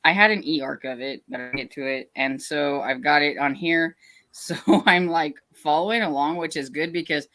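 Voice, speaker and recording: A low-pitched woman hosts a relaxed reading livestream. She talks in a loose, chatty way and reads viewer comments aloud between her own asides. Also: normal speed. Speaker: channel host. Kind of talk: casual livestream chat.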